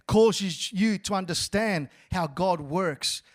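A man's voice: high voice, takes it slowly. A male pastor preaching a sermon, repeating words and calling for responses from the church.

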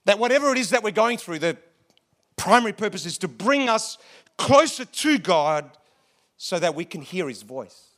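A man preaching a sermon to a congregation, often repeating words and dropping to a hush on key phrases. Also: high voice, very animated, moderate pace. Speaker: pastor.

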